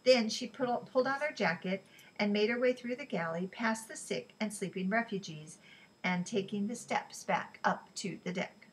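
A woman reading a novel aloud in an even, unhurried way, with small slips she corrects. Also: mid-range voice, breathy edge, rough recording. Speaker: reader.

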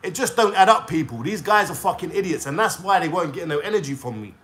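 A man's voice: a little high, lively intonation, quick pace, a bit bright. A young man with a London accent, venting a profane, confrontational call-out rant straight to camera in street slang. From England. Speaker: YouTuber.

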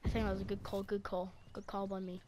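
A woman hosting a gaming channel, giving excitable running commentary to herself and her teammates as she plays. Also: medium pitch, quick pace, noisy background. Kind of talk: live gameplay commentary.

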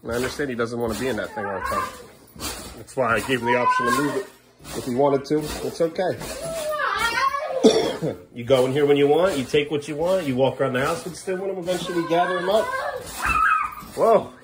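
A man's voice: brisk, long pauses. A father filming at home, chatting playfully with his young sons in a sing-song voice. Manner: playful, sing-song baby talk to the kids, often jumping up high. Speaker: father and vlogger. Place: family home, kids' bedroom. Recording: noisy home video.

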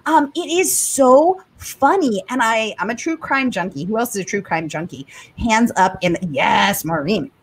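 A woman's voice: on the high side, breathy edge. A middle-aged woman from the area, hosting a live-streamed author interview with bubbly enthusiasm. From Boston area. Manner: bubbly, enthusiastic, reads viewer comments aloud. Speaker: host.

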